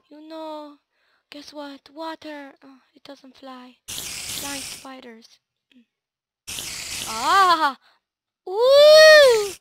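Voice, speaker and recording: A woman giving let's play commentary, excitable, shrieking and yelling at the screen. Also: very high voice. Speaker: gaming video host. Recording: loud noisy hiss under the voice.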